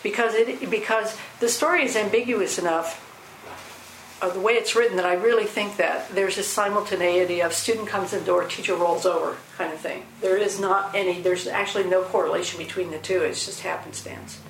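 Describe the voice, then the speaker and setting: A woman's voice: mid-range voice, fairly even intonation, a little fast. A woman leading a group discussion, talking in a thoughtful, rambling way with many fillers and restarts. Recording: roomy echo, faint background hiss.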